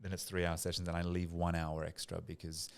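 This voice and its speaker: A man with a deep, low voice talks through his work as a therapist on a podcast. He tells stories with energy, easygoing and a little sweary. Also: brisk, creaky, smooth. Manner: animated storyteller, relaxed and a bit sweary. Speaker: psychotherapist guest. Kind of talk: casual podcast conversation.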